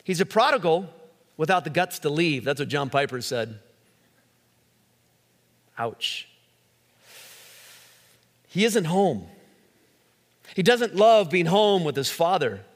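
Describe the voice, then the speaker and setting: Male preacher, lively delivery with voiced quotes, slightly high pitch, echoing hall sound. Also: slow pace, pauses often. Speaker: pastor. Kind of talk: sermon. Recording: long hall reverb.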